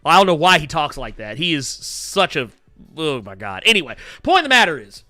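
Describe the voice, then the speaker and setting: A man's voice: fairly high pitch, very animated, brisk, bright, forceful tone, no room sound, soft background music. A man in his thirties hosting a podcast, talking animatedly, laughing and swearing freely. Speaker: podcast host. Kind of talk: casual chat.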